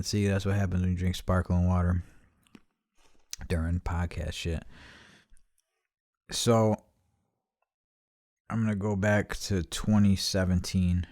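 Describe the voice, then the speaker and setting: A man's voice: sits low, darkish tone, no room sound, studio quality. A man hosting a casual solo podcast, rambling with constant swearing and many restarts. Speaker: podcast host.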